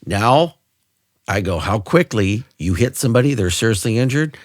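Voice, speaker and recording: A man's voice: fairly low pitch, moderate pace, no echo, clean studio sound. A middle-aged man hosting a casual interview podcast, telling stories and acting out quoted dialogue. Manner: animated storyteller, acts out quoted dialogue. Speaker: podcast host.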